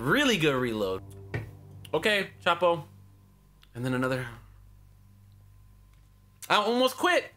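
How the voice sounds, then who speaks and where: High, lively young man trash-talking. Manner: profane trash-talking, barks repeated warnings at the player. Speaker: gaming YouTuber. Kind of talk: casual spectating commentary.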